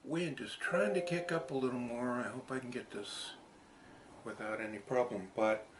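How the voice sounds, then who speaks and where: A man's voice: mid-range voice, normal speed. A man with a dry throat muttering through blooper outtakes outdoors in the wind. He mocks himself and laughs at his own flubs. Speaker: horror show host and puppeteer.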